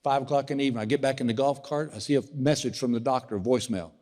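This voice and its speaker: A man's voice: medium pitch, racing. Man in his sixties doing stand-up. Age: 60s. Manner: animated storyteller acting out quoted voices. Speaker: stand-up comedian. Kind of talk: stand-up comedy storytelling. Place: large indoor theater stage. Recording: live theater reverb with faint ambience.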